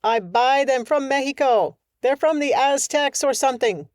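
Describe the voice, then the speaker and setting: A loud, heckling middle-aged man, voiced by a woman narrator, full of mocking confidence in an audiobook scene. He shouts in a raised, high voice. The delivery is close and dry. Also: normal speed, no echo, natural voice.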